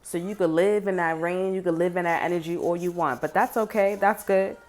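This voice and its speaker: A woman's voice: lowish voice, steady tone, a little fast, a little mellow. A woman giving a casual tarot reading, blunt and sassy, swearing freely and talking straight to the viewer. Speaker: tarot reader.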